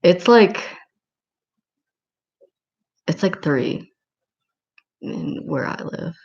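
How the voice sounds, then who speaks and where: A woman's voice: sits low, animated, drawn-out words, creaky, darkish tone, slightly rough, highs cut off. A woman chatting casually on a livestream and reading out comments, rambling and giggling with lots of filler words.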